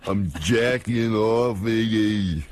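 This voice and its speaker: A man putting on a dim, lewd oaf who drawls each phrase slowly in a lowish voice. The talk plods and keeps drifting into crude remarks. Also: a little mellow, dry recording. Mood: dopey. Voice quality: plodding, crude. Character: slow, lewd, dim-witted grown man. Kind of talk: prank impression on radio.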